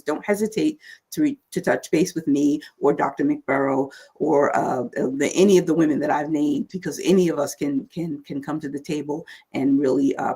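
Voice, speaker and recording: A woman's voice: low-pitched, warm tone, husky. A woman guest speaking earnestly and encouragingly in a church-minded conversation. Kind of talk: casual chat.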